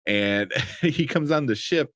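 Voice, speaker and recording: A man's voice: medium pitch, lively intonation, slow pace, fairly bright tone, no echo, clean studio sound. A young man giving a casual spoken review of a show, rambling with lots of fillers and restarts.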